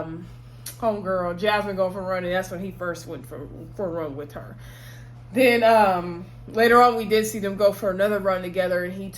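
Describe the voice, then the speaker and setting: A woman's voice: medium pitch, slight background noise. A woman casually recapping a TV episode in chatty storytelling style, acting out what the characters said and laughing along. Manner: laughs often while telling. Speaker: TV episode reviewer.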